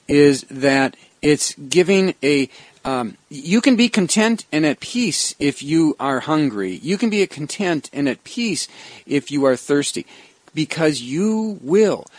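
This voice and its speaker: A man's voice: fairly high pitch, animated, takes it slowly, no room sound. A male pastor leading a Bible study discussion, explaining verses reflectively with frequent restarts.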